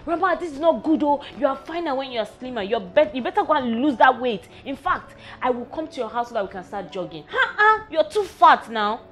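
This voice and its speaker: A young woman voicing a pushy, nagging male colleague, loud and insistent. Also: sits high, expressive, fairly quick, few pauses, faint music behind, voice pushed up.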